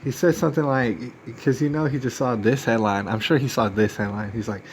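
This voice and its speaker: A man's voice: medium pitch, a little fast, a little hiss or hum. Man ranting casually on a live stream. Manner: rambling, emphatic, acts out other people's lines. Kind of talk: casual storytelling rant.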